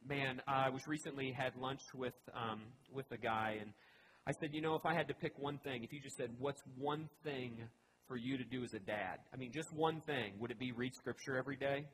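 A man's voice: mid-range voice, moderate pace, noisy background. A man pastor giving a conversational sermon, earnest and emphatic, often restarting his phrases.

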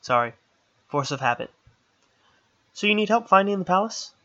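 A man's voice: sits high, sing-song, moderate pace, pushed and bright, highs cut off, pitched above the performer's own voice, heavily acted. A man voicing an impish male fairy jester who teases and speaks in rhymes, in an audiobook reading. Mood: teasing. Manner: playful, rhyming, teasing.

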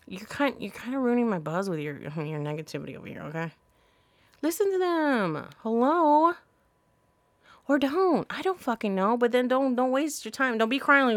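A woman's voice: mid-range voice, expressive, moderate pace, fairly bright tone, dry recording. Blunt, sassy woman podcaster. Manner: blunt, profane, sassy advice. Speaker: podcast host. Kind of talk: casual solo podcast monologue.

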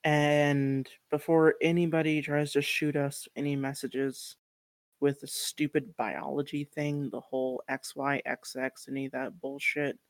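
A woman's voice: low-pitched, level tone, measured pace, dry recording. A woman speaking as a guest on a podcast interview, earnest and encouraging, with some casual swearing.

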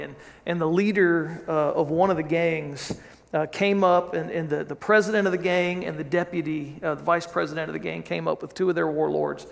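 High-voiced gravelly male pastor preaching. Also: fairly even intonation, normal speed, big-room sound. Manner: conversational storytelling with frequent restarts. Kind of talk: sermon.

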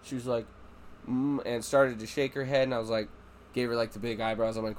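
A man's voice: medium pitch, little pitch movement, a little fast. A man chatting casually as a podcast host, peppering his stories with swearing. He slips into his children's voices when retelling moments with them. A faint hiss sits under the recording. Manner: swears a lot, acts out his kids' voices. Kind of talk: casual chat.

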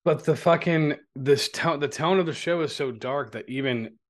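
A man's voice: on the high side, normal speed. Loose, profane male podcast co-host. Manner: loose, profane, animated storytelling. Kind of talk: casual chat.

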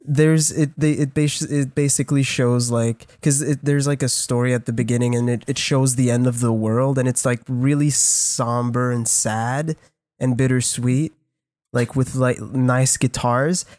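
A man's voice: mid-range voice, fairly even intonation, a little slow, a little mellow, no echo, studio quality. A young man telling a rambling, profane story in casual podcast chat. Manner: rambling, profane, laughs while telling stories. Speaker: podcast co-host.

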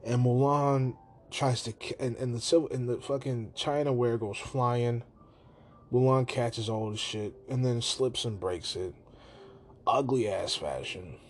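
A man casually and profanely retelling a movie scene on his podcast, slipping into quick put-on voices for the characters. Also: medium pitch, a little hiss or hum. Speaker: podcast host.

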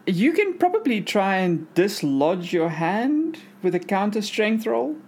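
A woman narrating a tabletop game as game master in a steady, descriptive way. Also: mid-range voice, unhurried.

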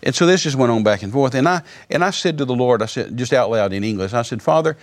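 A man telling a personal testimony in conversation, animated, with frequent repeated words. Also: medium pitch, fast talker.

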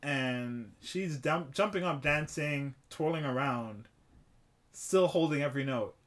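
Young male podcast co-host, easygoing chat, lively when retelling stories. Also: on the high side, measured pace. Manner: animated storytelling, quotes people in raised voice. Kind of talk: casual chat.

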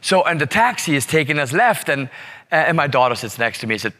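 A man telling a story to an audience in an animated way, full of rhetorical asides. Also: fairly high pitch, quick pace. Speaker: speaker. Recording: long hall reverb.

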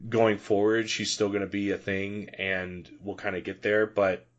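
A man's voice: on the low side, flat delivery, moderate pace, highs cut off. A man co-hosting a podcast, chatting casually and animatedly about a film, laughing often. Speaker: podcast co-host. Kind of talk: casual movie review chat.

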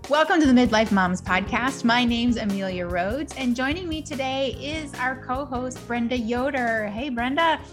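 A woman's voice: fairly high pitch, moderate pace, few pauses, music in the background. A woman in her forties hosting a podcast, chatting casually and reflectively, laughing now and then as she talks. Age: 40s. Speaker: podcast host.

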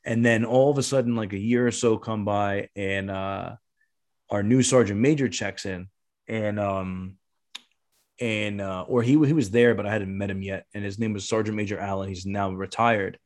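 A man's voice: fairly low pitch, fairly even intonation. A man in his thirties telling a rambling, profane story in casual chat. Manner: fast, rambling, lots of swearing and restarts. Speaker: podcast guest telling a story.

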